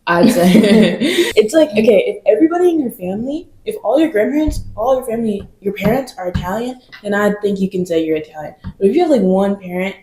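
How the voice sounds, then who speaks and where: A woman's voice: medium pitch, expressive, fast talker, hardly any pauses, dark tone, roomy sound. A woman co-hosting a podcast, chatting casually and rambling with lots of fillers. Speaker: podcast co-host. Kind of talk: casual chat.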